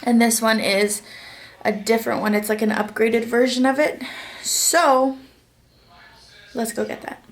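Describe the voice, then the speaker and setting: Young woman, casual vlog, chatty and joking, slightly high voice, noisy camera audio. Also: fairly even intonation, unhurried, pauses often. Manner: chatty, joking, narrating her day to the camera. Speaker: vlogger. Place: outdoors by a backyard fire, then at home.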